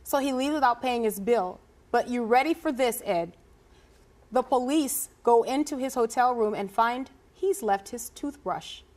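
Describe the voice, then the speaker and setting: A woman co-hosting a casual chat about news headlines, animated and laughing often. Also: on the high side, a little slow. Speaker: co-host.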